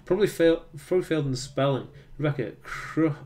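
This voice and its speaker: A man's voice: on the high side, quick pace, darkish tone. A young man from North Wales with a Welsh accent, hosting a casual livestream, reading viewer comments aloud and answering them with fillers and restarts. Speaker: livestream host reading chat.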